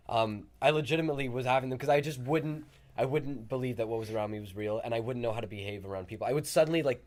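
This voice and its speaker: A young man with a mid-pitched voice tells a long, winding story at a quick clip in a casual podcast chat. He fills his pauses with "like" and restarts his sentences often. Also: darkish tone. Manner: storytelling, rambling, many fillers. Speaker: podcast co-host.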